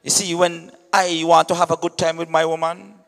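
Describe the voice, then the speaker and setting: A man who hosts an event, hyping the acts in a lively, chatty way and often saying "understand me". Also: on the high side, normal speed. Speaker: event host. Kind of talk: hyping announcements at a media launch. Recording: long reverb in a hall.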